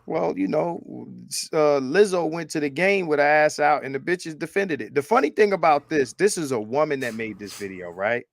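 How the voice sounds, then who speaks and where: A man's voice: fairly high pitch, moderate pace, creaky, few pauses, no echo, studio quality. A man from Brooklyn, New York, co-hosting a casual commentary chat in a laid-back way, full of chuckles and slang. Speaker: podcast co-host.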